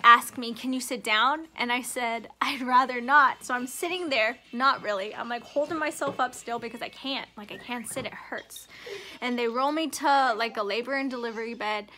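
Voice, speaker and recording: A woman's voice: on the high side, normal speed, pushed and bright. A young woman vlogger telling a personal story in a chatty, giggly way, full of "like". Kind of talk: casual storytelling.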